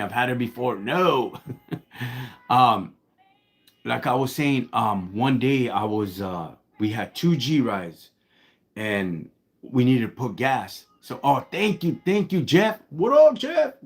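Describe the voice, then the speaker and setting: A man's voice: medium pitch, animated, takes it slowly. A man from Los Angeles with a Chicano English accent, telling a story in a slangy, laid-back way on a live stream and breaking off to thank his viewers. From Los Angeles, United States. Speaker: livestream host.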